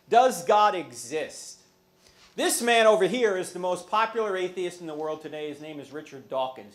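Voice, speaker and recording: High-voiced man giving a joking lecture. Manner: humorous, asks the audience questions. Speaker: guest speaker. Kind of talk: lively apologetics lecture to a live audience.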